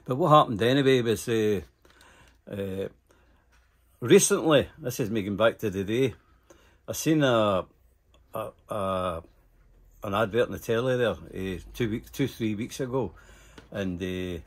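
A man's voice: fairly low pitch, measured pace, pauses often, husky. An older Scottish man telling rambling, profane stories in casual conversation, full of fillers and asides. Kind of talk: casual storytelling.

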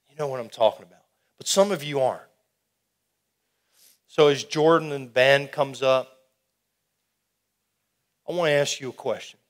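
A middle-aged man giving an animated, folksy testimony sermon to a youth rally, calling out to the crowd. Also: a little high. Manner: animated, folksy, audience call-and-response.

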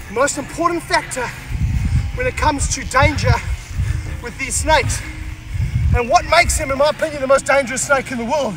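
A man presenting a wildlife vlog while handling snakes, out of breath and excited. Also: extremely high pitch. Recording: music bed under the voice.

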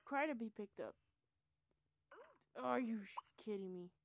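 A woman's voice: a little high, unhurried, creaky, a little hiss or hum. A young woman in casual gameplay commentary, chatty and giggly, her voice tired, rambling and sometimes dropping to a whisper. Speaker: gameplay video host.

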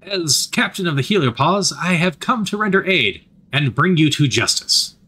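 A man's voice: a little high, lively intonation, normal speed, pushed and bright, breathy edge, voice pushed up, full character voice. A man playing a smug, easygoing military commander. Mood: proud. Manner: proud, stubborn declarations.

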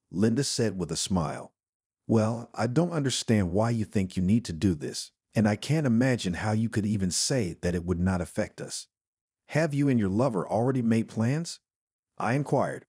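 A man tells a first-person story in a steady, plain manner. His voice sits on the low side and has a husky grain. The recording is close and dry with no room sound. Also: moderate pace, dry recording. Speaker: narrator.

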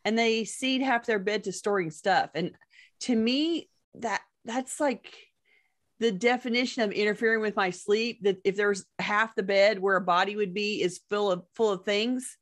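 A woman hosts a casual podcast, chatty and quick to laugh as she tells stories. She speaks in a middle pitch for a woman, in a plain conversational way. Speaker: professional organizer, podcast host. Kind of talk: casual chat.

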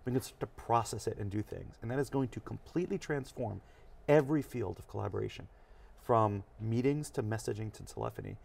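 A man's voice: lowish voice, creaky. A man, a technology executive, explaining ideas with energy in a studio interview. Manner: energetic, explanatory, fast bursts. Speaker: chief technology officer, guest.

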